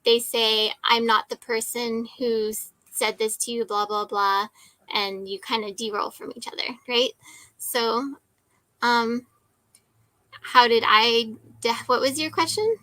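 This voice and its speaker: Bright, chatty woman telling a story. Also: fairly high pitch, steady tone, slow pace, no room sound. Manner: chatty, emphatic, many "like" and "right?" tags. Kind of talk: casual storytelling chat.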